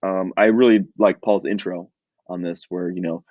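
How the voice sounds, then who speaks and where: A man's voice: low-pitched, fairly even intonation, moderate pace, a little mellow, dry recording, dull audio. A man co-hosting a podcast in casual chat, rambling and chatty with many fillers and restarts. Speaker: podcast co-host.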